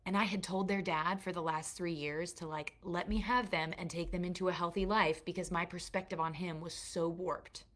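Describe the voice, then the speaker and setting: A woman's voice: lowish voice, steady tone, moderate pace, few pauses, fairly bright tone. Earnest woman teaching mothers with faith. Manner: earnest and confessional, checks in with her listeners. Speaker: course teacher and mentor to mothers. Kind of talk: heartfelt faith-based teaching to a live online group.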